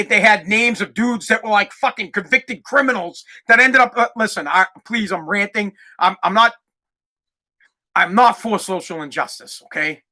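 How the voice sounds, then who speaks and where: A man hosting a podcast, delivering an angry, profane solo rant that repeats itself and breaks into shouting. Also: sits high. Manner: heated, profane, repeats himself, shouts at times. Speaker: podcast host.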